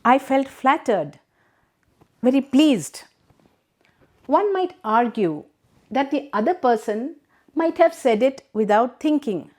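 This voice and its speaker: Woman teacher, Indian English accent, slow patient delivery, fairly high voice, middle-aged, rhetorical questions. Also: sing-song, darkish tone. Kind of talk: classroom lesson reading and explaining a text.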